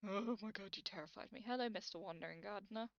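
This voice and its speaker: British woman, gameplay commentary, vocal fry, chatty asides, mid pitch. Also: fast, dry recording, dull audio. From Britain. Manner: chatty, talks to herself, self-deprecating asides. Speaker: Let's Play creator.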